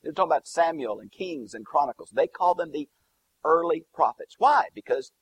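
A man's voice: on the high side, a little fast, slight background noise. A man teaching through a Bible passage verse by verse, explaining Greek and Hebrew terms with emphatic lists. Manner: lively, swooping emphasis on key words.

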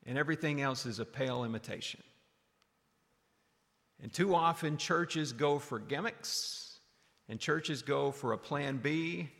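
Gravelly preacher in an echoing hall. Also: male voice, unhurried. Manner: animated, rising to loud calls and dropping low. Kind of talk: sermon. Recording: long hall reverb.

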